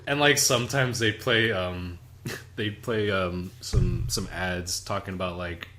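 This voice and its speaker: A man's voice: sits low, a little slow. A man co-hosting a podcast in casual chat, telling stories with lots of laughing and swearing. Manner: animated storytelling, laughing, swearing. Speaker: podcast co-host.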